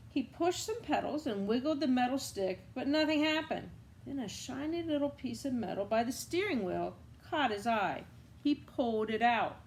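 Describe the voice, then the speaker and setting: Storybook reader, woman, lively sing-song voice, fairly high, asks the kids questions. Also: a little hiss or hum. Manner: animated, asides to children. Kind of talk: reading a picture book aloud.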